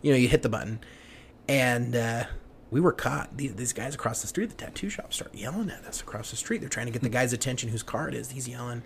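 A man in his young adult years tells a story on a podcast, circling back through fillers and restarts. His voice drops to a near hush at the fearful moments. A faint hum of noise sits behind him. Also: medium pitch, fast talker, gravelly. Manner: rambling, many fillers and restarts, hushed when retelling fear. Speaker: podcast guest. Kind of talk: casual storytelling.

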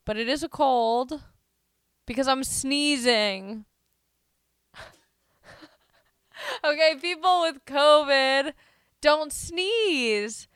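A woman's voice: fairly high pitch, sharp tone, clean tone, no echo, studio quality. A woman hosting a casual solo podcast, rambling and joking at her own expense while she has a cold. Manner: rambling, self-deprecating, joking. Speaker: podcast host.

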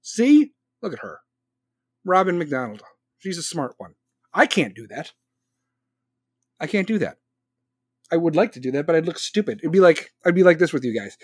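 A man's voice: fairly high pitch, big pitch swings, normal speed, long pauses, husky, no room sound, studio quality. A man hosting a casual live stream, reading viewer comments aloud and answering them with sarcastic, argumentative commentary on his phone. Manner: argumentative, sarcastic, talks back to chat. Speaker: podcast host live-streaming.

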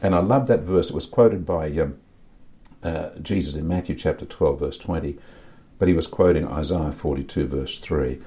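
This podcast guest is a middle-aged man with a very deep, mellow voice and a moderate pace. He opens up about his faith and inner life in a confessional, earnest way, frequently repeating words as he gropes for the right ones.

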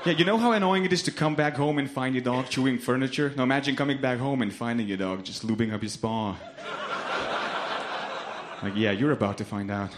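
A young man from Lithuania with a Lithuanian accent performing a stand-up comedy set on a club stage, deadpan and laughing at his own punchlines. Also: medium pitch, brisk, a crowd in the background, background noise.

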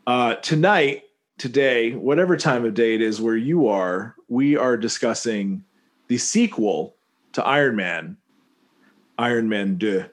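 A man's voice: mid-range voice, expressive, a little slow. A man co-hosting a casual movie-review chat, rambling and jokey, often correcting himself mid-sentence. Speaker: podcast co-host.

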